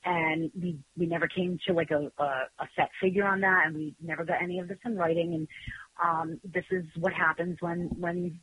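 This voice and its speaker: A woman talking defensively and emphatically, with animated retellings of what others said. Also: lowish voice, normal speed, a little hiss or hum, poor audio. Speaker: guest defending herself. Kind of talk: heated phone-in conversation.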